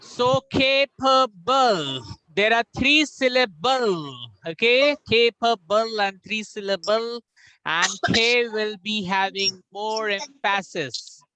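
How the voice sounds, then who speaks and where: A man with an Indian English accent, an English coach drilling pronunciation in an online class, repeating words slowly and slipping into Hindi. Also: high-pitched, bright, forceful tone, smooth, no room sound, low-quality recording. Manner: drills words by slow repetition, mixing in Hindi.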